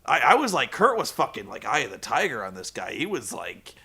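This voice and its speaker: Bright-voiced, profane wrestling recapper. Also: male voice, mid-range voice, wildly swooping pitch, a little fast, vocal fry, breathy edge. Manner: profane, rambling, with frequent restarts. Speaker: wrestling show reviewer. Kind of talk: casual recap commentary.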